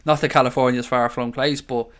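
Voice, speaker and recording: An Irish man, an adult father of young children, hosts a casual live stream, reading viewer comments aloud and greeting people as mate and buddy. His mid-range voice is fairly bright and steady in tone, and he talks a little fast.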